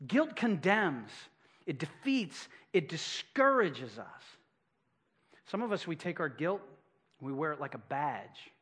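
A man's voice: fairly high pitch, sing-song, slow, a bit bright, breathy edge. A middle-aged man pastor delivering a sermon, emphatic and repeating key phrases for effect.

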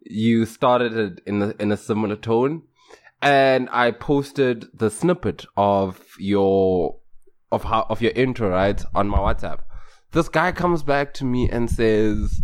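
A man's voice: on the low side, takes it slowly. A man co-hosting a podcast, telling stories with lots of laughter and mimicking other people's voices. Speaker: podcast co-host. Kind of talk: casual chat.

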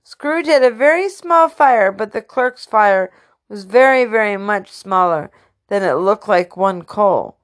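Lady reading an old story out loud, trips on words sometimes. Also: medium pitch, animated, measured pace. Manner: unpolished reading with slips and restarts. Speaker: reader. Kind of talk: reading a classic story aloud.

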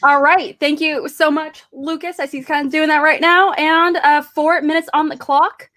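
A woman's voice: high voice, fairly even intonation, normal speed, sharp tone, no room sound. A woman hosting a comedic debate show, upbeat and chatty, often laughing. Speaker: host.

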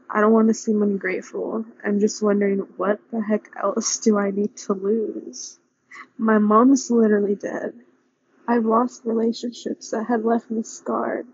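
A young woman speaking an earnest, pleading personal prayer with a breathy voice. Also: a little high, a little mellow, no echo, muffled recording. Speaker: vlogger praying aloud.

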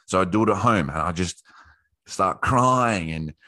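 A man hosting an online workshop in a casual, profane way, often acting out quotes in a high voice. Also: expressive, a little slow, bright, forceful tone, dry recording. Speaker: workshop host. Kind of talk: casual motivational talk.

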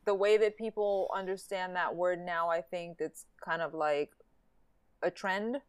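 A woman co-hosting a podcast, talking things through in a reflective, halting way, often laughing between thoughts. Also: fairly low pitch, fairly even intonation, smooth, no echo. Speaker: podcast co-host. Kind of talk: casual chat.

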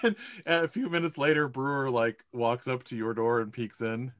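A man's voice: mid-range voice, moderate pace, fairly bright tone, dry recording, clean studio sound. A man narrating a tabletop game as game master, rambling with fillers and laughing often.

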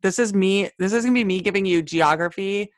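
A woman's voice: mid-range voice, brisk, dry recording. A woman co-hosting a casual podcast, telling a history story in a chatty, self-deprecating way with frequent laughs. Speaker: podcast co-host.

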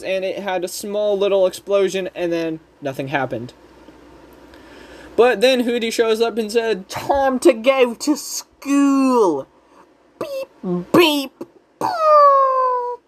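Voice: mid-range voice, a little mellow. A speaker casually recapping a cartoon episode in a rambling, chatty way with frequent giggles. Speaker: show recap host.

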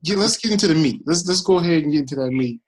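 A man's voice: fairly high pitch, lively intonation, rapid-fire, poor audio. Joking, playful male podcast host. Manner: jokey, playful, loose, fills with "uh". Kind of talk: casual podcast hosting.

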